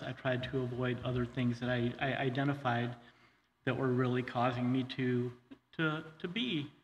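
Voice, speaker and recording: Halting middle-aged man in a church hall. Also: medium pitch, fairly bright tone. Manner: halting, full of fillers and restarts; earnest, says he gets choked up. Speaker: guest speaker sharing his testimony. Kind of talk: personal testimony talk. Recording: long hall reverb, faint ambience.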